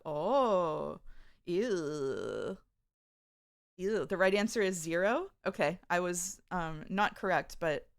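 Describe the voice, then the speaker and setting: A woman streamer chatting casually with her viewers, reading out their messages and laughing often. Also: medium pitch. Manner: reads chat aloud, chatty and giggly. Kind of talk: casual live-stream chat.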